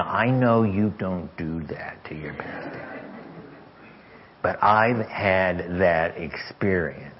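A man preaching as a guest speaker, telling a story with stammered repeats and sometimes sinking to a hushed whisper. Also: fairly low pitch. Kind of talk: sermon storytelling. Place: church sanctuary. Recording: dull lo-fi church audio.

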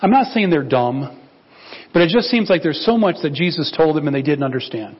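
Male pastor, conversational and animated sermon, slightly high voice, muffled lo-fi audio. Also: brisk, husky. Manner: animated, acts out biblical dialogue in quoted voices.

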